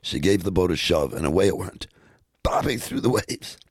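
A man reading a storybook aloud in a measured, steady way. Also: low voice, husky, dry recording, studio quality. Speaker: narrator.

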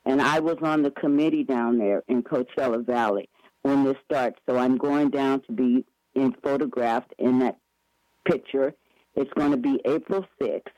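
A man's voice: medium pitch, steady tone, normal speed, darkish tone, no room sound, muffled recording. A man chatting eagerly as an interview guest, rambling with many restarts and self-corrections. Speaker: guest promoting upcoming events. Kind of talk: casual radio interview chat.

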